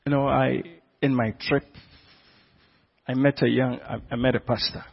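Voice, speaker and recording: A man's voice: medium pitch, flat delivery, moderate pace, creaky, breathy edge, dull audio. A man preaching a sermon as pastor, pressing the congregation with repeated questions.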